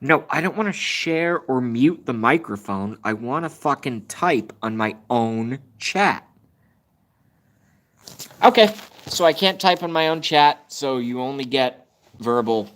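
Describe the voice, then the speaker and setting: A man's voice: mid-range voice, animated, unhurried, fairly bright tone. Frustrated man ranting on a phone livestream. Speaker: livestream host. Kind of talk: casual live-stream rant. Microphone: phone camera at arm's length.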